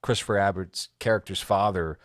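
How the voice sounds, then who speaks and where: Brief: opinionated man in casual film chat, lowish voice, dry close sound. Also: steady tone, brisk, no room sound. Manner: opinionated, blunt critiques. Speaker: podcast co-host. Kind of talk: casual movie review chat.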